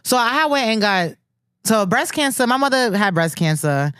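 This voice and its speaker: A woman's voice: fairly high pitch, big pitch swings, moderate pace, a bit bright, clear, resonant tone, no room sound, studio quality. A woman, chatting candidly and bluntly on a podcast. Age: 30s. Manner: blunt, profane, candid storytelling. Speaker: podcast co-host. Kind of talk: casual chat.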